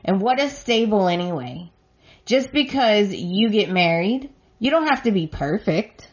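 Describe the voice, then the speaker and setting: A woman's voice: medium pitch, animated, measured pace, a little mellow, highs cut off, close to an everyday voice. A woman reading out the lines of an upset, defensive woman in a raised, emphatic voice. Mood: indignant.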